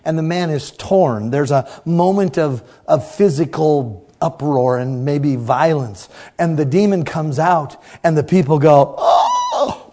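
A man preaching a sermon to a congregation, playful and teasing, swinging from loud outbursts to quiet asides. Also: fairly high pitch.

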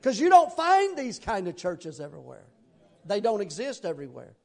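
High-voiced man preaching a folksy sermon. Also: huge pitch swings, normal speed, vocal fry. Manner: conversational, folksy preaching with rhetorical questions.

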